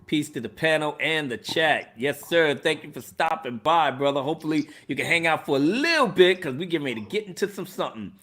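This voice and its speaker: Animated laughing man hosting a stream. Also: fairly high pitch, brisk, few pauses. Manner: loud, laughing, animated street slang. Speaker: livestream host. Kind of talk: casual chat on a live stream.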